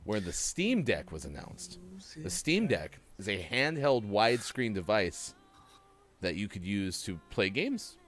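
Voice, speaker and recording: A man's voice: fairly low pitch, very animated, unhurried, fairly bright tone. A man hosting a casual gaming morning show, joking while he reads out birthdays and trivia.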